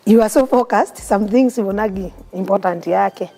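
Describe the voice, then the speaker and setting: A woman's voice: mid-range voice, moderate pace, warm tone. A woman with a Kenyan accent, a guest in an interview telling her personal story in an earnest, heartfelt way. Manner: mixes English and Swahili, earnest and heartfelt.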